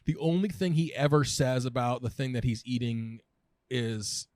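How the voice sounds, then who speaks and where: Male podcast guest, 30s, casual rambler, mid-pitched, dead dry sound. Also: a little mellow, no echo. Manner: rambling with many restarts and fillers, quick laughs. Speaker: podcast guest, food writer and editor. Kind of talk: casual conversational chat.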